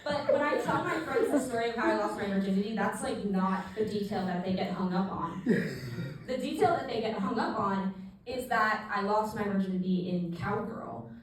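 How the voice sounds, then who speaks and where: A young woman doing stand-up, telling a self-mocking story in a deadpan way with pauses. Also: mid-range voice. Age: young adult. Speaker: stand-up comedian. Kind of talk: stand-up set. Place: small theater stage with live audience. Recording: echoey room, distant mic, audible noise.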